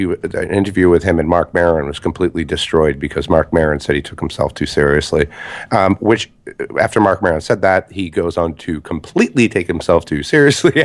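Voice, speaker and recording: A young adult man co-hosting a podcast in casual chat, joking sarcastically and swearing freely. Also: sits low. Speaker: podcast co-host.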